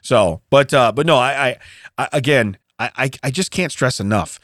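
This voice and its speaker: A podcast co-host ranting in casual chat, acting out quotes from other people. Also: male voice, medium pitch, normal speed, no echo, studio quality. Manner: animated ranting, acts out quotes. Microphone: studio mic.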